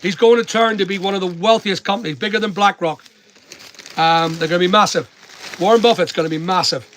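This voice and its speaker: A man's voice: high-pitched, steady tone, fairly quick, a bit bright, a little hiss or hum. A middle-aged man with a Northern Irish accent chatting casually on a livestream, giving blunt, preachy money advice and answering comments. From Northern Ireland. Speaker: online seller and livestream host.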